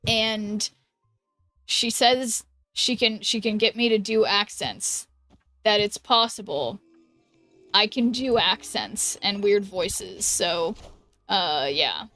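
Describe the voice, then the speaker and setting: An American woman from the United States chats casually while streaming a game, giggling and letting her sentences trail off into ums. Her mid-range voice is slow, pushed and bright. The close mic is dry, with faint music in the background.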